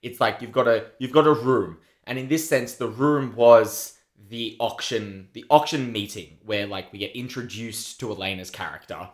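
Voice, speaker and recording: A man's voice: mid-range voice, moderate pace, few pauses. A man co-hosting a film and TV podcast, chatting casually and rambling with lots of fillers. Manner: rambling, filler-heavy, enthusiastic. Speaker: podcast co-host. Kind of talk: casual chat reviewing a TV show.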